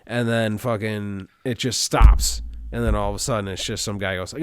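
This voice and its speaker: A man's voice: fairly low pitch, fairly even intonation, normal speed, few pauses, a little mellow, clean tone, no room sound. A man co-hosting a podcast, telling a story in a loose, profane way full of "like". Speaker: podcast co-host. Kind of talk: casual podcast chat.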